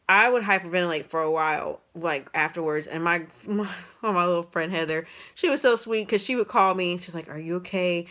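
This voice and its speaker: Rambling woman vlogger, slightly low voice. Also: a bit bright. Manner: rambling, many fillers and restarts, emotional retelling. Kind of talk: casual storytelling.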